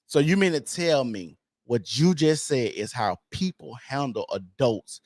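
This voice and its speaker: A man's voice: mid-range voice, animated, a little slow, darkish tone, no echo, studio quality. A man on a podcast panel, arguing heatedly and cutting in again and again to hold the floor. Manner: argumentative, keeps cutting in with "hold on". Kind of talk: heated debate.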